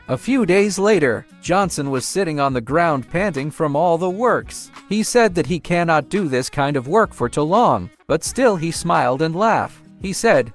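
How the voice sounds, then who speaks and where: A man narrating a comic story recap in an animated storytelling way. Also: on the high side, measured pace, soft background music.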